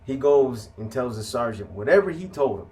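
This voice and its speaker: A man's voice: mid-range voice, very animated, normal speed, darkish tone. A man telling his own story to viewers in blunt street slang with heavy swearing.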